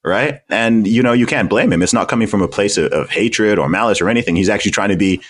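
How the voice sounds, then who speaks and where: Man, British accent, very deep voice, podcast interview guest, blunt, emphatic, repeats himself for stress. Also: fast, breathy edge. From United Kingdom. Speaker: guest, independent rapper.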